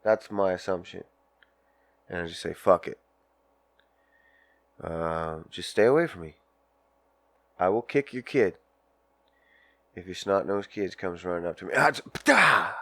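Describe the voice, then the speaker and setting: A low-voiced man, recorded dry, hosts a casual solo podcast. He rants crudely and rambles with plenty of profanity, acting out little scenes while smoking a joint.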